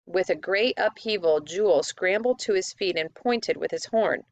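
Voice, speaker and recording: A woman narrating a children's fantasy book in a steady audiobook reading. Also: lowish voice, moderate pace, few pauses, dry recording, muffled recording.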